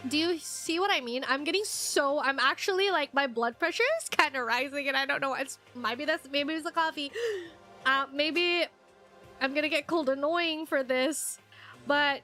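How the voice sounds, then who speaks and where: A woman streamer giving rambling, animated commentary while playing a game. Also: high voice, moderate pace, soft background music. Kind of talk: game let's play commentary.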